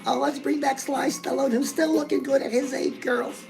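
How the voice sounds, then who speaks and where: A woman's voice: high-pitched, steady tone, normal speed, gravelly, a little mellow, faint music behind, poor audio. A middle-aged woman hosting a comedic fitness and lifestyle show, gushing and chatty, forever calling the viewer girl. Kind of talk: comedic character monologue.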